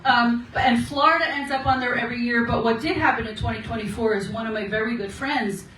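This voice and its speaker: A chatty woman in her sixties speaks to a meeting, her voice a little high for a woman, laughing easily between stories. She sounds far from the mic in a very echoey room. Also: a little fast, fairly bright tone. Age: 60s. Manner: chatty storyteller, laughs often, asks "okay?". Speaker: guest speaker at a women's meeting. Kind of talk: casual encouraging talk.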